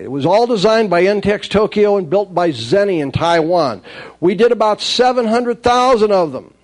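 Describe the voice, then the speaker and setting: A man with a high voice telling anecdotes about his working life. His delivery is wry and lively, and he acts out the lines of the people in his stories. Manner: wry, lively storyteller acting out dialogue. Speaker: speaker recounting his toy industry career. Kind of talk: anecdotal storytelling talk.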